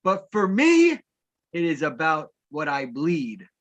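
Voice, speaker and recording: A man's voice: on the high side, huge pitch swings, slow pace, a bit bright, muffled recording. A man hosting a live sports talk show, bantering with his co-host in a playful, mock-formal way.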